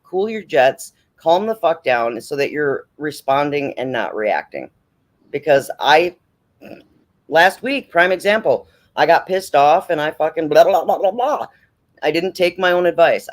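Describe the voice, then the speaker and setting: A man with a slightly high voice hosts a late-night livestream and talks in a loose, casual way. He is blunt and preachy, swears freely and. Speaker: livestream host.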